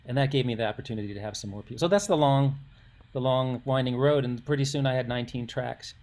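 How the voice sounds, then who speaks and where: A man's voice: mid-range voice, fast, a little mellow. Man in his sixties telling rambling stories. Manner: rambling, self-interrupting anecdotes with acted quotes. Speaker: musician guest. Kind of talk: casual storytelling interview.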